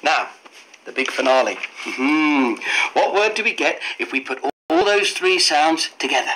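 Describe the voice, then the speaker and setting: A man's voice: fairly high pitch, expressive, normal speed, sharp tone, poor audio. An actor playing a cheerful older grandfather, encouraging his dog and sounding out letters. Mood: cheery. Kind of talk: children's TV acting.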